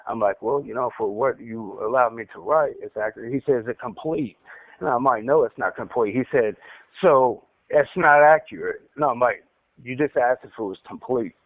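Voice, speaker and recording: On a recorded prison call with a tinny line and a dry sound, an inmate with a mid-range voice talks briskly. He has a stutter, rambles and repeats himself, and turns heated as he recounts his story.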